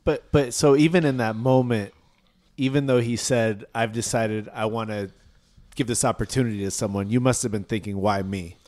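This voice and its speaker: A man's voice: fairly low pitch, fairly even intonation, normal speed, a little mellow. A male podcast host asking a guest thoughtful, probing follow-up questions. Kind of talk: interview questions.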